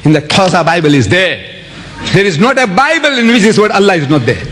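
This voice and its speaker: Animated man lecturing. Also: sits high, brisk, a little hiss or hum. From India. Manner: animated, theatrical, spells words out and mimics others. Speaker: religious lecturer. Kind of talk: public religious lecture.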